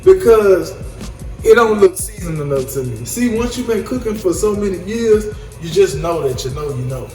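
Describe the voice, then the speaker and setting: A home cook vlogger chats with viewers while cooking, joking and apologizing often and calling them y'all. His high, expressive voice is a little mellow and moves at a moderate pace, in an echoey room with music behind him.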